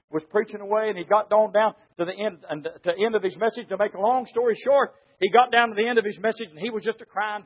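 A man preaching a sermon, telling a story emphatically and swinging from shouts to hushed tones. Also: sits high. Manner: storytelling with repeated "said". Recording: dull lo-fi recording.

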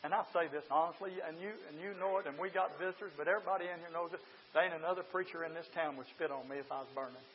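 High-voiced preacher. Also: male voice, rapid-fire, lo-fi sound, a little hiss or hum. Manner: swings from shouting to quiet confiding. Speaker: pastor. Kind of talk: sermon. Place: church.

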